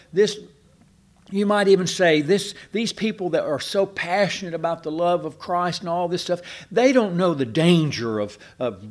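An older man preaching a sermon, his voice sitting a little high and swinging widely as he tells stories. He breaks off into asides and restarts his sentences, building to emphatic points.

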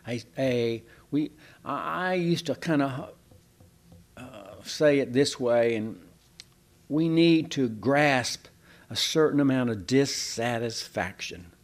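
A man's voice: mid-range voice, sing-song, unhurried, a little mellow. Folksy man preaching a sermon. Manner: folksy, conversational preaching with rhetorical questions. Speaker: pastor.

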